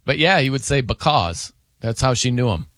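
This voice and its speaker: A man's voice: medium pitch, expressive, normal speed, a bit bright, dry recording, clean studio sound. A middle-aged man hosting a radio show in casual chat, laughing often and mimicking how people say words.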